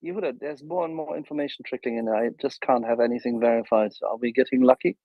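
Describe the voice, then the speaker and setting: A man's voice: mid-range voice, fairly even intonation, fast, dry recording, highs cut off. A man hosting a casual live audio chat in a playful, punning way. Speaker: host.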